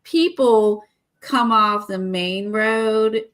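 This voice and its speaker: Bright-voiced chatty woman. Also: mid-range voice, drawn-out words. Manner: chatty storytelling with many fillers. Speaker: art vlogger. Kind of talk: casual chat.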